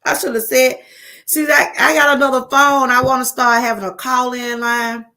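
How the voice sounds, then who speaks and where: A woman's voice: high-pitched, little pitch movement, normal speed, sharp tone. A middle-aged woman with a Southern US accent, chatting on her live stream in a rambling, repetitive way and calling her viewers y'all. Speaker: livestream host. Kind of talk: casual live-stream chat.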